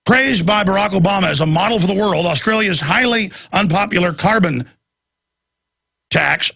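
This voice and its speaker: Man, radio talk host, heated rant, repeats words, husky, forceful. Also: high voice. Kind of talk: ranting radio monologue.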